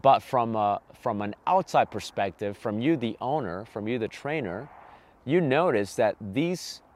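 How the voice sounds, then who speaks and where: A man's voice: mid-range voice, expressive, measured pace, darkish tone. A man hosting a dog training podcast, talking on his own, hammering each point home with repeated "okay?" and "right?" and acting out little exchanges with dogs. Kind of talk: solo podcast monologue.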